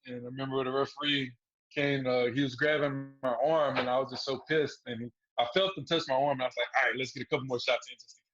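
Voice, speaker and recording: A man's voice: medium pitch, fairly even intonation, fast talker, fairly bright tone, highs cut off. A man guest on a podcast, telling stories casually and laughing through them. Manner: laid-back, laughs through his stories. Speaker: guest fighter. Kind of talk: casual storytelling interview.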